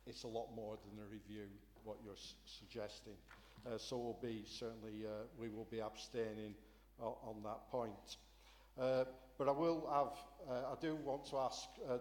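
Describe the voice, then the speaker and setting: A man's voice: mid-range voice, darkish tone. A man, an opposition councillor making a pointed, insistent council debate speech with frequent fillers. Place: large council chamber. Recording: echoey chamber with long reverb.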